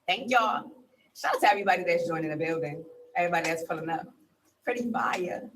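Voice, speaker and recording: A man's voice: sits high, quick pace, a bit bright. A man reciting spoken word poetry and then hosting a poetry livestream with playful, slangy, welcoming banter. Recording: distant from the mic, faint background noise.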